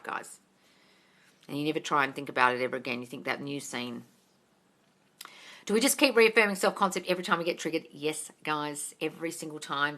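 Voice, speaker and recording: A bright-voiced woman chats through a casual live Q&A, recorded on her phone. She is warm with her viewers, animated, swears freely and slips "darling" into her answers. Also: deep voice. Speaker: manifestation coach hosting a live stream. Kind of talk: casual live-stream Q&A, reading viewer comments.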